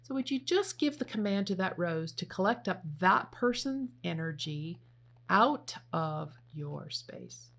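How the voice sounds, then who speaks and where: A woman leading a guided meditation, giving slow, gentle spoken instructions. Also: mid-range voice, lively intonation, creaky. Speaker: meditation leader.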